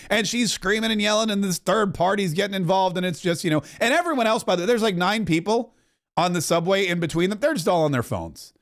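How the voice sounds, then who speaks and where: High-voiced joking podcast host, a man. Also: animated, brisk. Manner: joking, rambling, chuckling asides. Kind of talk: political commentary podcast.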